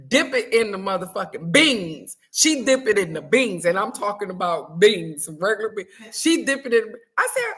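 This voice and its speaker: A woman hosting a casual livestream, talking loud and fast with slang, swearing and lots of laughter. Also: mid-range voice, slight background noise. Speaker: spiritual card reading host. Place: on a trip abroad.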